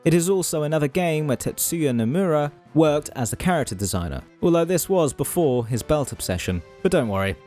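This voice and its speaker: A man's voice: a little high, darkish tone. A man from Europe hosting a scripted video essay, narrating with wry, self-deprecating asides.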